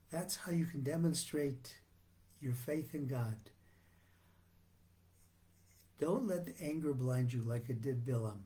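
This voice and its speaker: A man speaks as a rabbi giving a sermon in an earnest, measured way, often restarting his phrases. His voice is somewhat high yet mellow and warm in tone. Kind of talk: sermon on the weekly Torah portion.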